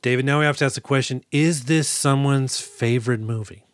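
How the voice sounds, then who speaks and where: A man's voice: mid-range voice, brisk, no echo, clean studio sound. A man co-hosting a casual podcast, joking around and acting out movie lines. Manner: jokey, acts out movie quotes with laughs. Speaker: podcast co-host. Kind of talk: casual chat.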